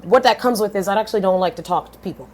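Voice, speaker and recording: A woman in her thirties, a podcast guest telling her story in a lively, blunt way, swearing casually and switching voices when she quotes people. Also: racing. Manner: animated, swings pitch widely when quoting others.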